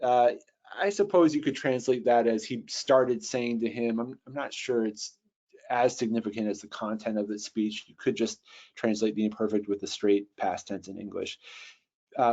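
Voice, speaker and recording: A man teaching Bible translation in a webinar, thinking aloud with fillers and restarts, and reading Greek words slowly. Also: on the low side, steady tone, a little mellow. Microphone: computer mic on a video call. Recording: dull lo-fi webinar audio.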